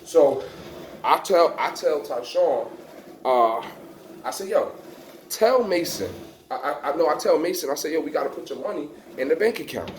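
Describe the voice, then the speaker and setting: A man vlogging from an outdoor home gym, telling a story to his viewers in a lively, emphatic way while working a rowing machine. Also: moderate pace, a little hiss or hum. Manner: lively, emphatic storyteller, acting out quotes with big pitch jumps.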